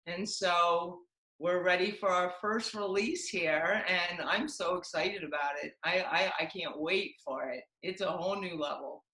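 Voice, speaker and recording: A woman creating aquatic fitness programs tells a lively story in a casual webinar chat, acting out quoted dialogue. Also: fairly low pitch, a little slow, reverberant, rough recording. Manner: animated, acts out quoted dialogue. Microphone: video call.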